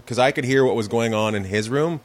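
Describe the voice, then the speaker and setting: A man's voice: mid-range voice, brisk. A man, a comedian guest, swapping loose, profane anecdotes in a casual chat.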